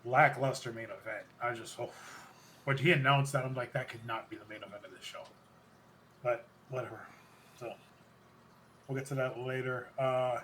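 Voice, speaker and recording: A man hosting a podcast, rambling through a wrestling recap and often correcting himself mid-sentence. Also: medium pitch. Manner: rambling, self-correcting, excited recounting. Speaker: podcast host. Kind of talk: casual wrestling recap chat.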